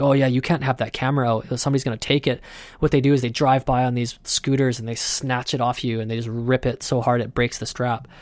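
A male podcast host tells a travel story casually, with plenty of animation. His voice is mid-pitched, and the recording is close and dry. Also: smooth, no room sound. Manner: animated, acts out his own thoughts.

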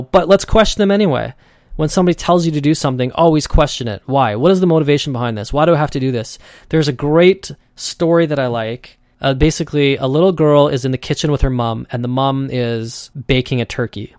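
A man's voice: fairly high pitch, fairly quick, dry recording, clean studio sound. A man hosting his own podcast, talking loosely and conversationally and acting out the voices he quotes. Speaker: podcast host. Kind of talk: casual solo podcast monologue.

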